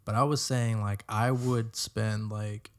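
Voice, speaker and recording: A young man co-hosting a casual podcast, telling animated stories and swearing freely. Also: lowish voice, slow. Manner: animated storyteller, swears a lot, acts out quotes. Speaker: podcast co-host. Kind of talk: casual chat.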